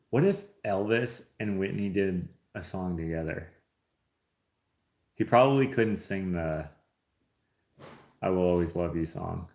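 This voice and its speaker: A man's voice: on the low side, measured pace, pauses often. A man hosting a casual livestream, reading chat aloud and opening gifts in an easygoing, joking way. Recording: roomy echo.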